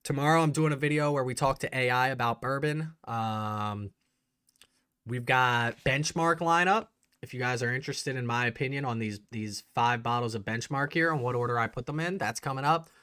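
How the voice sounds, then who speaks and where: A man hosting a casual livestream, chatting excitedly and answering viewers' messages. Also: mid-range voice, normal speed, clean tone, no room sound, clean studio sound. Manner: chatty, reads and answers live chat, excitable. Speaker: bourbon channel host.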